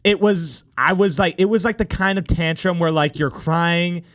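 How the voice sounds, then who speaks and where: A man's voice: a little high, normal speed, fairly bright tone, no echo. A young man, a podcast co-host, telling a dramatic story in a casual group debate.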